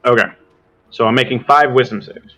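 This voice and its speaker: A man's voice: medium pitch, steady tone, fairly quick, bright, forceful tone. Man running a tabletop game. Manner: thinks aloud while checking rules. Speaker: game master.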